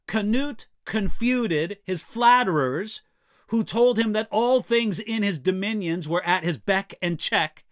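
Slow-speaking earnest male preacher. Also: fairly high pitch, fairly bright tone. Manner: earnest, emphatic with repeated scripture and restarts. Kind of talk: sermon.

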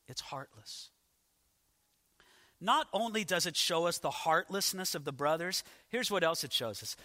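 A male pastor preaching a sermon, telling the story dramatically with rhetorical questions and swings between loud and hushed. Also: high-pitched, big-room sound.

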